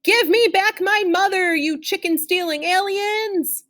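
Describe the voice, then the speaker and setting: A woman's voice: high voice, very animated, moderate pace, fairly bright tone, pitched above the performer's own voice. A woman voicing a bossy young female chick who barks snappy orders to her squad. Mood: shouting.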